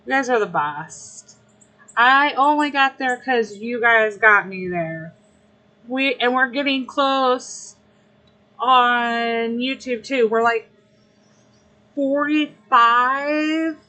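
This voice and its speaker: Slow-talking emotional woman streamer. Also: fairly high pitch, sharp tone, low-quality recording. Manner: emotional, grateful, chatty. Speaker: livestreamer. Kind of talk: casual live-stream chat.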